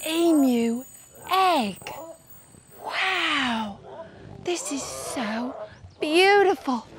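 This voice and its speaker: A woman hosting a children's educational show outdoors at an animal sanctuary, cheerful and sing-song, addressing viewers as y'all. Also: sits high.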